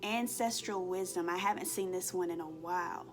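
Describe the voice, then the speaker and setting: A woman's voice: lowish voice, normal speed. A woman giving a spiritual card reading to her viewers. She talks earnestly and emotionally, and keeps checking in with "okay?". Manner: emotional, expressive, acts out inner voices. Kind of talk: collective tarot-style reading to viewers. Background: soft background music.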